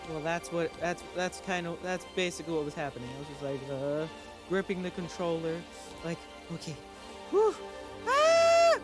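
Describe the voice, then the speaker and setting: A man casually telling a spooky story in an excitable, halting way, full of restarts and exclamations. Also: a little high, over music. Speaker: channel host.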